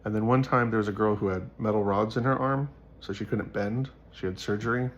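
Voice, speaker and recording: A man's voice: fairly low pitch, steady tone, fairly quick, dull audio. A man speaking to his viewers in a casual, earnest monologue, rambling with many fillers as he talks about his faith. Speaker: faith vlogger.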